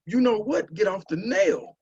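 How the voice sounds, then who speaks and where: A man voicing his calm, matter-of-fact male neighbor in a story. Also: sits high, measured pace, breathy edge, pitched above the performer's own voice, heavily acted. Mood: unbothered. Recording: muffled lo-fi call audio.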